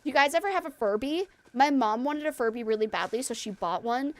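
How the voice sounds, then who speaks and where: A woman with a slightly high voice chats casually with her stream audience as she plays. She rambles in an animated way and fills her talk with "like" and "um". She sounds like a mom and former teacher thinking out loud on stream. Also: fairly quick. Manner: chatty, rambling and animated, with many fillers. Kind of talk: casual chat while livestreaming a game.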